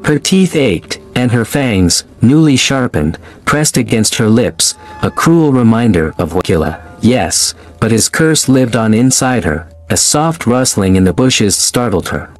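Male horror narrator, mid-pitched, measured and dramatic, soft music underneath. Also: animated. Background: faint music.

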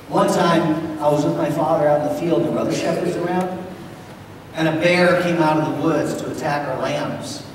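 Man storyteller, slightly high voice, heard far off in a ringing church hall with hiss behind. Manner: speaks directly to the children, building suspense. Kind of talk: first-person dramatic monologue for children. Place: large church sanctuary. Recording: echoey church hall, distant mic, background noise.

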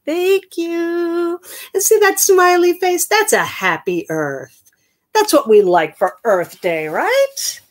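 A woman's voice: extremely high pitch, expressive, slow. A woman, a children's librarian from Queens leading an upbeat, sing-song story time with songs. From Queens, New York.

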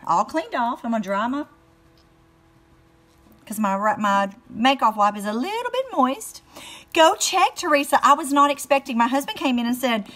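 A woman's voice: sits high, fairly bright tone. A middle-aged woman with a Southern American accent, chatting casually on a beauty live stream and greeting viewers by name. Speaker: beauty vlogger live-streaming lipstick swatches.

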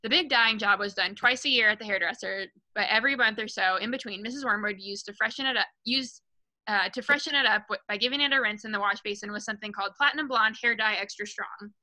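A woman's voice: mid-range voice, fast talker, sharp tone, poor audio. A woman reading a children's novel aloud to a book club, casual and unpolished, stumbling and correcting herself now and then, lifting her voice for the characters' lines. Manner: raises her voice for quoted lines.

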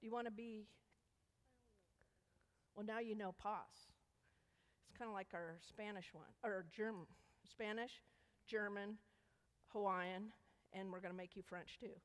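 A woman's voice: medium pitch, fairly even intonation, a little slow, long pauses. A woman leading a children's sermon in a church, coaxing the kids with playful questions. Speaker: children's message leader. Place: church sanctuary. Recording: echoey church hall.

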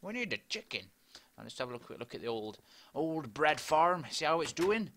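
A man's voice: on the high side, very animated, brisk, a bit bright, slight background noise. A young man chatting and rambling to himself as he plays Minecraft. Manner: chatty, rambling, talks to himself while playing. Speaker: gaming video host. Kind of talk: casual Minecraft let's play commentary.

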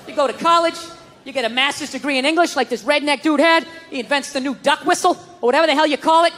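A man doing a stand-up comedy rant with profane, exasperated delivery and bursts of shouting, on a live stage in front of a loud audience. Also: very high voice, fast talker, big-room sound.

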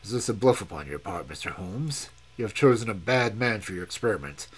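A man reading aloud and voicing a fierce, hot-tempered male explorer in a gruff, threatening, low voice with a husky tone. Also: expressive, a little fast. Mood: defiant.

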